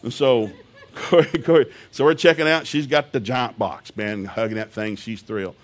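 An older man, preaching and telling a humorous family story in a folksy way that swings from low asides to loud outbursts. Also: fairly even intonation, moderate pace.

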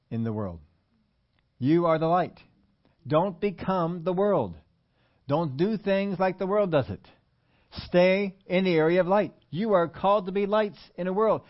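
A man preaching an animated sermon and asking his congregation questions. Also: fairly high pitch, highs cut off. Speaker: pastor.

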